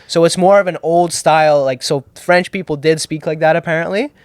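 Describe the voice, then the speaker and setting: Young male comedian host from Toronto, smooth voice, swears and jokes, dry sound. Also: fairly high pitch, fairly even intonation, a little fast, no room sound. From Toronto, Canada. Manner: loose, joking, swears, laughs often. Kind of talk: casual chat.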